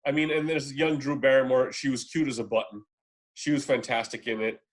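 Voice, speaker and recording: A man's voice: medium pitch, fairly quick. A man co-hosting a casual film podcast, giving his opinions in a rambling way, full of fillers and restarts. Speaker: podcast co-host. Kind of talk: casual podcast chat about films.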